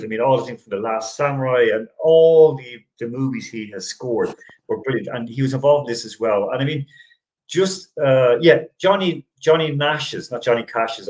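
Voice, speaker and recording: A man's voice: medium pitch, a little mellow, poor audio. A middle-aged man hosting a casual sports chat show, rambling with frequent restarts and easy laughter. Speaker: host.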